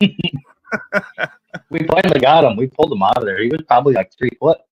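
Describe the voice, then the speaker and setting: Laid-back man, husky and muffled. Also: medium pitch, expressive, brisk. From North Dakota, USA. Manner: laid-back, swears while joking. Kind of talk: casual chat on a live stream.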